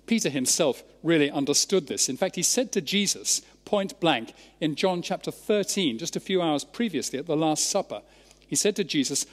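Scottish preacher in a reverberant church. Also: male voice, a little high, expressive. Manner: measured, emphatic Bible exposition. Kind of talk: sermon. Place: large church. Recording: church sermon with long reverb.

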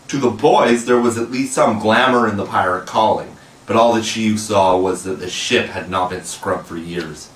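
A man narrating a classic children's novel in a measured, even reading voice, recorded in an echoey room with the mic at a distance. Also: on the low side. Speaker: audiobook reader. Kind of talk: storybook narration.

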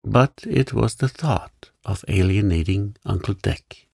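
A man narrating a bedtime story for sleep in a calm, soft-spoken, soothing way. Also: lowish voice, slow, gravelly, breathy edge, dry recording, clean studio sound.

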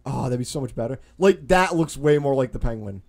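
A man's voice: mid-range voice, animated, a little fast, vocal fry, a little mellow. A man casually commenting on a story game, sarcastic and mocking. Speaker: co-host playing a game.

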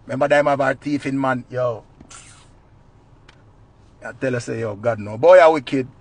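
A man with a Jamaican accent, telling a comic story in patois with lively swings between loud and quiet. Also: medium pitch, moderate pace, no echo. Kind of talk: animated comic retelling.

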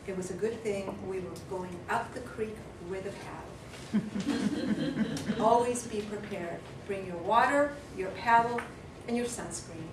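A woman giving a humorous storytelling speech as guest speaker, lively and chuckling, acting out sounds. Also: medium pitch. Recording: echoey room from far off with noise.

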